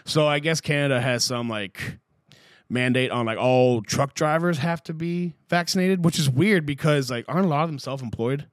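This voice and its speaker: Guy rambling on his podcast, swears a lot, says like constantly, kinda high voice. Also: normal speed, no room sound, studio quality. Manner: profane, rambling, lots of "like" fillers. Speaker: podcast host. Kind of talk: casual podcast chat.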